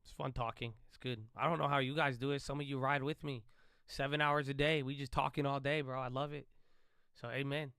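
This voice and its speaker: A man's voice: medium pitch, little pitch movement, fairly quick, smooth, dry recording. A man hosting a live trading stream, giving loose, chatty market commentary and calling listeners bro. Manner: says he tends to sound loud and yelling.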